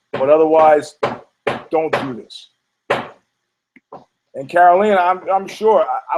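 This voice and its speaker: A man's voice: sits high, background noise. A man hosting a casual sports podcast who rambles, stammers over his words, repeats himself and swears freely. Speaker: podcast host.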